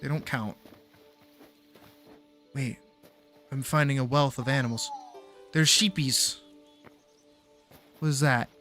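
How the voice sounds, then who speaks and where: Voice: mid-range voice, steady tone, takes it slowly, long pauses, a bit bright, soft background music. A young adult game streamer chatting casually and swearing freely while playing. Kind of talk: casual gameplay commentary.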